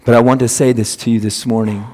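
A man's voice: medium pitch, level tone, quick pace, darkish tone. A male pastor delivering an emphatic sermon, repeating phrases for stress. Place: church sanctuary. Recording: long reverb of a church hall.

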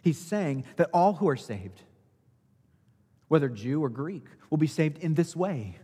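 Male pastor, sermon delivery, slightly high, husky voice, long reverb. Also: expressive, a little slow, mellow. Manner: rhetorical questions, rising and falling emphasis.

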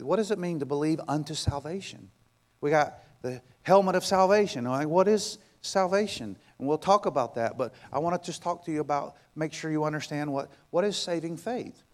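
A male pastor preaching a sermon, emphatic and repetitive, firing rhetorical questions and swinging between loud passages and hushed ones. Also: a little high.

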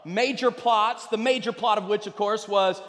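A man's voice: high voice, fairly even intonation, moderate pace, fairly bright tone. A man preaching a sermon in a conversational way, speaking straight to the congregation. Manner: conversational, addresses the congregation directly. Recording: long hall reverb.

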